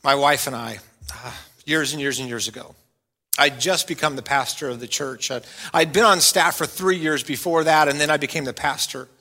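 Animated, bright-voiced male pastor preaching. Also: a little high, moderate pace. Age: middle-aged. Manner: animated, swings from loud playful bits to quiet earnest asides. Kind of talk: sermon.

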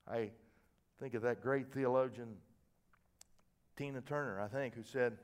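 An older man preaching from the pulpit. He tells his stories with plenty of animation, dropping to quiet asides and then climbing to loud, emphatic punches. When he gets fired up he stumbles over and repeats his words. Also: medium pitch, fairly even intonation, a little slow, clean tone. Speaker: pastor. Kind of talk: sermon.

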